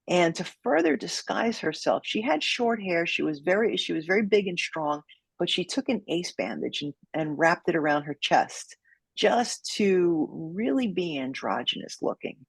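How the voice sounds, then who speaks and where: A woman with a husky, slightly breathy voice tells a story as a podcast guest. She dramatizes it, acting out each quote. The sound is dry and close. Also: on the low side, animated, normal speed, no echo. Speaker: guest, judo sensei.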